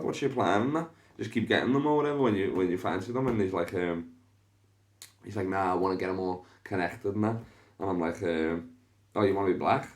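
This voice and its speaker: Liverpool comedian-host, young, lowish voice, animated storyteller who swears freely. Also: male voice, quick pace. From Liverpool, England. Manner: animated, swears a lot, acts out voices in his stories. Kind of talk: casual storytelling chat.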